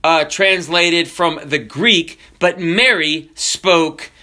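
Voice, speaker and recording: Preacher guy, high bright voice, slow and bouncy, tells jokes. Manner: animated, jokey storytelling with drawn-out emphasis. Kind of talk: sermon.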